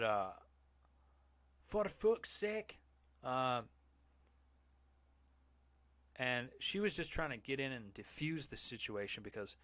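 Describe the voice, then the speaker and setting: A man's voice: medium pitch, fairly bright tone, no room sound. A man hosting a podcast, reading online posts aloud in a casual, mocking, profane way. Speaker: podcast host.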